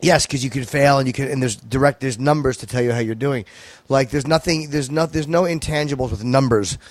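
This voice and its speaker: A man guesting on a podcast as a stand-up comedian, talking in a dry, measured, profane way. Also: mid-range voice, no room sound. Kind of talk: casual podcast chat. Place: home podcast room.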